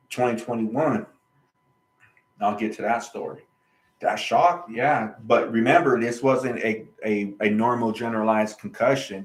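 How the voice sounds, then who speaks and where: A man tells his own story in an animated, emphatic way, doubling back and repeating key phrases. His voice sits at a middle pitch, and the room around him is roomy and echoey. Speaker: channel host. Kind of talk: personal storytelling monologue.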